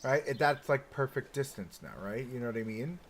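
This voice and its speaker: A man livestreams his theme park build, musing aloud in a chatty way peppered with "like" and rhetorical "right?". His voice is medium-pitched, a little fast, and slightly bright, and there's some low hiss or hum in the audio.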